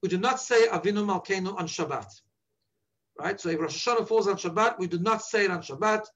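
A man's voice: high voice, quick pace, fairly bright tone, dull audio. A man teaching prayer to listeners as a rabbi, earnest and instructive, patiently repeating page references. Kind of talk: explaining the liturgy to listeners.

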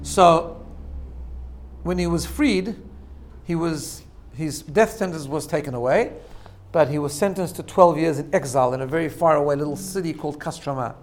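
With a voice on the high side and a normal speaking speed, a male religious teacher gives an informal sermon. His style is storytelling, with frequent "right?" check-ins and laughter at his own humor.

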